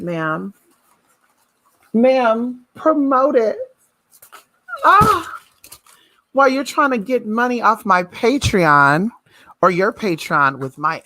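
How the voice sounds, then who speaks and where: A sassy woman ranting on a livestream, her voice leaping up and down in a lively, sing-song tease. She talks at an unhurried pace, and the sound is close and dry, with no room echo. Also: mid-range voice. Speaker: spiritual reader vlogger. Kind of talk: casual livestream rant.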